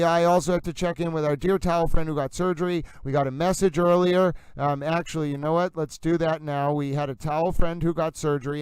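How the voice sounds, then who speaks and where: A man's voice: fairly high pitch, a little mellow, smooth, dry recording, poor audio. A man hosting a live stream, greeting viewers in the chat by name in a playful, theatrical way. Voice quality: playful, theatrical, calls himself towel. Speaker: livestream host.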